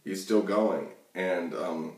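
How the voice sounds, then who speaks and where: A man's voice: low voice, fairly even intonation, takes it slowly, darkish tone. A man hosting his own channel, ranting about politics in a rambling, profane way with lots of fillers and restarts. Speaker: channel host. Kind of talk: casual political rant to camera. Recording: echoey room, mic far off.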